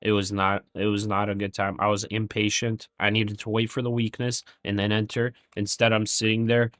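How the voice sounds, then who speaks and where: A man's voice: fairly low pitch, little pitch movement, moderate pace, a bit bright, no echo, clean studio sound. A man streaming his day trading live, thinking aloud through figures with candid self-criticism.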